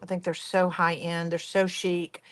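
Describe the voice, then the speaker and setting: A woman's voice: on the low side, level tone, measured pace. A woman hosting a craft tutorial, chatty and enthusiastic as she talks viewers through each step. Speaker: craft workshop host.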